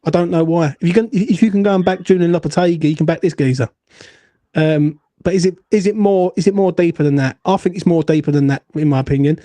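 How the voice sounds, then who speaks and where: A man rants bluntly and swears as host of a fan call-in show. His voice sits a little high but sounds dark and mellow, caught dry and close. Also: fast, no echo. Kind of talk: heated fan call-in chat.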